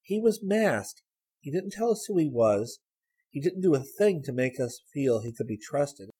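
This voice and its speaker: A weary, gentle young woman from a storybook reading, as a male narrator puts her on. She speaks softly and hesitantly, raised well above his usual pitch, with a husky grain. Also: sing-song, a little slow, full character voice. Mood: wistful. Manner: soft, wistful, hesitant. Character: tired, gentle young woman, thoughtful and uneasy.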